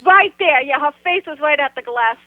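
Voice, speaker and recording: Female phone guest, high voice, thin phone sound, blunt and halting. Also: lively intonation, no room sound. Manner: blunt, halting, full of "you know" and "like". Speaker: guest recounting an encounter. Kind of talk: casual phone interview. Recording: tinny phone line.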